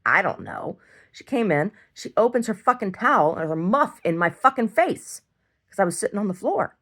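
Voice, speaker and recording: A woman's voice: medium pitch, very animated, moderate pace, fairly bright tone. A woman talking bluntly and profanely in a rambling diary monologue, with many restarts and small chuckles. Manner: blunt and profane, full of restarts and "I don't know"; chuckles often. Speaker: video diarist.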